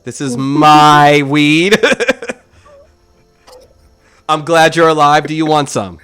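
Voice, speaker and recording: A woman's voice: low-pitched, fairly even intonation, extremely slow, clear, resonant tone, soft background music, voice pushed up, full character voice. A man voicing a crude, laid-back woman character in a tabletop game, coaxing and teasing. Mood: teasing, amused. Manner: loud swearing, laughing, coaxing.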